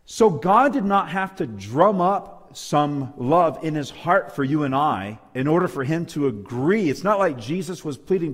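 A man's voice: a little high, expressive, normal speed, hardly any pauses, big-room sound. A man preaching a sermon to a church audience, emphatic and calling out for amens. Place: church hall with a live and online audience.

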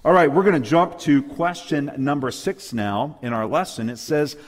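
A man's voice: mid-range voice, in a large hall. A man preaching a Bible lesson to a live and online audience, emphatic, often asking for amens. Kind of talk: sermon-style Bible lesson. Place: church hall with local and online audience.

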